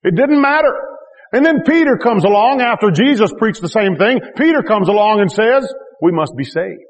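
In a church with a long reverb tail, a male pastor preaches to his congregation in a high-pitched, animated voice at normal speed. He is emphatic, repeating key phrases with rising intensity and tossing in joking asides.

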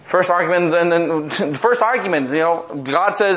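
In a lively, humorous sermon, the middle-aged pastor leans on repetition and slows to a low register for emphasis.

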